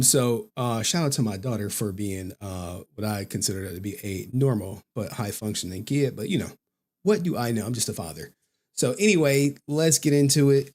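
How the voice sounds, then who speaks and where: A man hosting a casual live stream, loose and joking, who repeats his phrases and laughs often. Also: medium pitch. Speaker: stream host and commentator.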